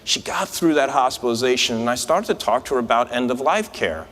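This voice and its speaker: A man's voice: medium pitch, animated, brisk, fairly bright tone. A man, an incoming society president, giving a conversational, anecdotal conference speech from a podium mic in a large convention hall. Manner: conversational, anecdotal, with frequent restarts. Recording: long hall reverb.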